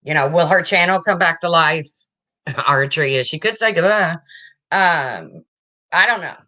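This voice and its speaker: A woman's voice: low voice, animated, normal speed, sharp tone. A woman hosting a casual livestream, chatting and answering viewer comments as they come in. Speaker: livestream host.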